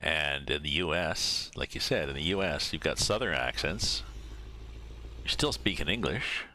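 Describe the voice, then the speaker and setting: A man with an extremely low, yet bright and forceful voice chats on a live game stream. He rambles and thinks aloud between viewer shout-outs, with a faint hiss of noise behind him. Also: lively intonation, normal speed. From Canada. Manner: rambling, musing aloud, reading out viewer names. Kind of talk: casual live-stream chat while driving a truck sim.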